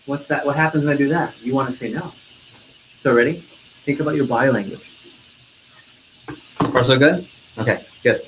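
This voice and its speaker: A man's voice: mid-range voice, a little fast, pauses often, a little hiss or hum, low-quality recording. A man leading a live sales training session, energetically quizzing the trainees in the room.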